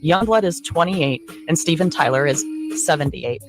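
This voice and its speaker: A woman's voice: low-pitched, animated, moderate pace. A woman reading a scripted voice-over narration in a sly, insinuating tone, dropping knowing asides. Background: music bed.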